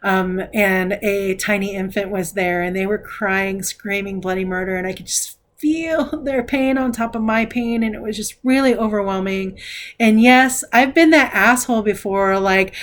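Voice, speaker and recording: A woman's voice: mid-range voice, a little slow, a little hiss or hum. Candid woman rambling about tarot. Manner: rambling, candid, swears casually. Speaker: tarot reader. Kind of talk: casual spoken tarot reflection.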